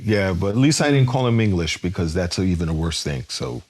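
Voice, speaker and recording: A man's voice: low-pitched, very animated, brisk, darkish tone. A man guest on a podcast, joking and chatting casually. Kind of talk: casual chat.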